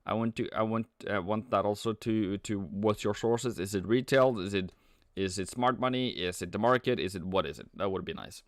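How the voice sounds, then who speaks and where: A man hosting a live trading stream, talking casually and playfully as he answers chat with frequent halting restarts. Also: fairly low pitch, no room sound, clean studio sound. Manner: chuckles often, halting restarts. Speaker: trading livestream host. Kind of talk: casual live market commentary.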